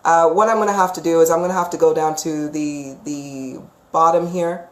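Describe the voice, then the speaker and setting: A woman's voice: sits low, steady tone, moderate pace. A woman giving psychic readings on a live stream, chatty and emphatic, sometimes ranting. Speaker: psychic reader. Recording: echoey room.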